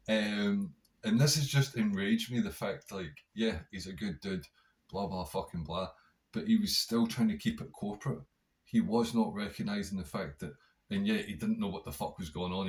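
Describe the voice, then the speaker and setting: Deep-voiced man telling a profane story. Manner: profane, swears constantly; animated, rambling storyteller. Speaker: podcast host. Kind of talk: casual storytelling monologue.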